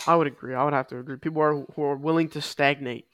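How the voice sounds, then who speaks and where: A man co-hosts a relaxed fitness chat in a slightly high voice. He talks with emphasis, hammering his main points more than once. The sound is close and dry. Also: quick pace, no room sound. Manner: energetic, emphatic, repeats key lines. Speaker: podcast co-host.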